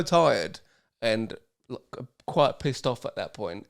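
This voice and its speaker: A man's voice: medium pitch, very animated, slow, vocal fry. A young man co-hosting a podcast, telling rambling, sweary stories in casual banter and laughing often. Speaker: podcast co-host.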